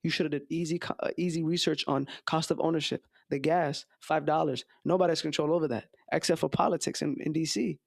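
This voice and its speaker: Gravelly blunt male commentator. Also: fairly high pitch, fairly even intonation, fast talker, hardly any pauses, no room sound, studio quality. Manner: blunt, scolding, slangy. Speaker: commentary host reacting to clips. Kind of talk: reaction commentary.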